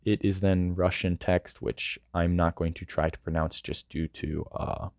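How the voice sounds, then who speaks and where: A man's voice: sits low, steady tone, a little slow, creaky, darkish tone, no room sound, studio quality. A man reading a first-person story aloud, earnest and with small stumbles. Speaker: audiobook reader.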